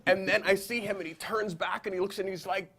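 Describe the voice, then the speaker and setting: A man in his forties, a photographer, telling stories as a podcast guest, acting out quotes with big jumps in pitch and frequent laughs. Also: fairly even intonation, a little fast, over a noisy crowd. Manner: acts out quoted voices, jumps high in pitch, laughs often, many filler likes. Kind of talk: animated storytelling in a podcast interview. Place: podcast studio.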